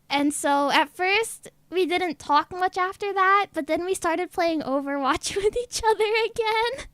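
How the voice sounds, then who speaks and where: A woman's voice: very high voice, measured pace, few pauses, a bit bright, dry recording. A woman with a girlish, childlike voice, telling a story in a giggly, rambling way as a VTuber chatting on stream. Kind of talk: casual stream chat.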